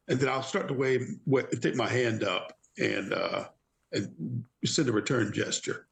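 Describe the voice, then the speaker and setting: A man's voice: medium pitch, measured pace, gravelly, fairly bright tone. A man playing a tabletop role-playing game, describing his character's actions in the first person. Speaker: player.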